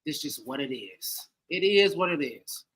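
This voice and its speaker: A man's voice: a little high, animated, a little slow, a bit bright, rough recording. A man co-hosting a casual sports podcast, giving game grades in a playful, rambling way, often saying "like I said". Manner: repeats "like I said", playful.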